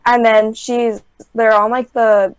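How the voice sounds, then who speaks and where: A woman's voice: on the high side, takes it slowly, smooth, dry recording. A young woman casually retelling a reality show on a podcast, packing her talk with "like" and acting out what people said. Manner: filler-heavy, says "like" constantly; animated storytelling, acts out quotes. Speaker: podcast guest.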